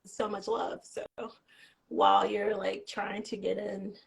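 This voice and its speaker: Interpreter lady on a live, slow, raspy and kinda gravelly. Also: mid-range voice, monotone. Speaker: guest, sign language interpreter. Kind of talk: casual live stream chat.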